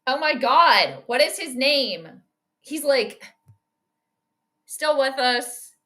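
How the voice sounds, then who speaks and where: A high, bright woman's voice chatting casually on a livestream. She rambles from one topic to the next, reacting to the game and greeting viewers as she goes. The tone stays light and talkative. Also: expressive, slow pace. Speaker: livestream host doing game commentary and astrology predictions. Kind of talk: casual live-stream chat and play-by-play reactions.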